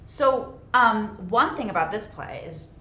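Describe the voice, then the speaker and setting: A woman's voice: medium pitch, expressive, measured pace, bright, forceful tone, slight background noise. A woman hosting a live stream, chatting upbeat and then reading a story aloud. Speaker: host and reader. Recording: echoey room.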